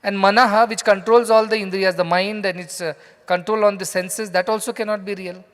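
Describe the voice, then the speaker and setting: In a reverberant hall, an Indian English-accented spiritual teacher delivers a scripture lecture to a live audience, weaving in stories and questioning his listeners in a conversational way. He has a high, steady, slightly bright voice and a brisk pace.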